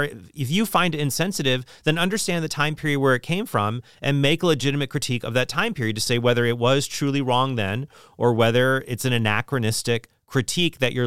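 A man's voice: mid-range voice, a bit bright, smooth, no room sound, clean studio sound. A middle-aged man talking casually and opinionatedly about books, rambling with frequent restarts.

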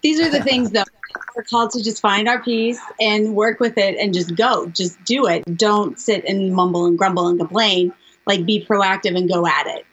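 A woman's voice: mid-range voice, normal speed, breathy edge. Direct-talking woman, muffled line. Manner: encouraging, direct advice. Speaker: guest speaker. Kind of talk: relaxed radio interview talk.

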